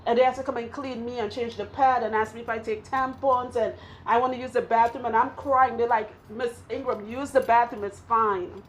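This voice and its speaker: A woman with a Trinidadian accent, her voice on the high side with little pitch movement, talks a little fast against slight background noise. A hairstylist and vlogger, she gives an emotional personal testimony, candid and rambling, often restarting sentences. She was in her 20s at the time of her surgery and is older now.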